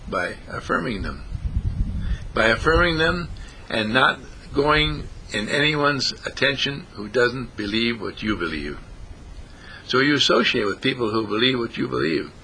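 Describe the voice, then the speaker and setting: A man's voice: medium pitch, gravelly, pushed and bright, slight background noise. A man preaching a folksy sermon, repeating phrases and lifting his voice on the key words. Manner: folksy, repetitive, rising emphasis on key phrases.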